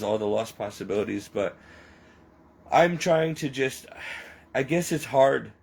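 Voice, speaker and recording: A man rambling through an emotional personal confession, halting and near tears as he speaks. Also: on the low side, vocal fry, low-quality recording.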